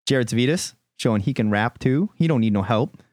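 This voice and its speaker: A man's voice: mid-range voice, expressive, fairly quick, darkish tone, a little hiss or hum. A man co-hosting a comic book podcast, chatting with enthusiasm and hyping his picks. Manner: enthusiastic, hyped announcer bursts. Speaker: podcast co-host.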